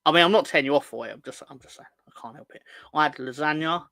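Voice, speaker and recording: A man's voice: a little high, quick pace, vocal fry, pushed and bright, dry recording. A young man hosting a football fan livestream, chatting casually, joking and teasing viewers as he reads their comments. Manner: joking, rambling, teasing the chat. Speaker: football fan show host.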